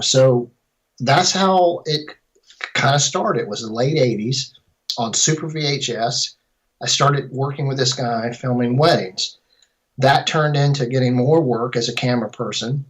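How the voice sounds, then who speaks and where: Middle-aged guy, filmmaker, casual interview, rambles and restarts a lot, normal pitch. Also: measured pace, low-quality recording. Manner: rambling, self-correcting storyteller. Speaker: filmmaker and composer.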